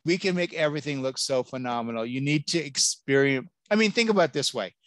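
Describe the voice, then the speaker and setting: Animated, jokey man giving a talk. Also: medium pitch, quick pace, hardly any pauses, no room sound. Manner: lively, jokey, exclamatory. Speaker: college admissions keynote speaker. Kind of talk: animated presentation with audience Q&A.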